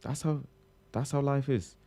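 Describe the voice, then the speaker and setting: A man's voice: mid-range voice, a little slow. A young man from Bangladesh with a British accent, doing a slangy comic monologue with bursts of laughter. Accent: British English. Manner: animated, slangy, keeps saying bro, bursts of laughter. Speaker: comedian.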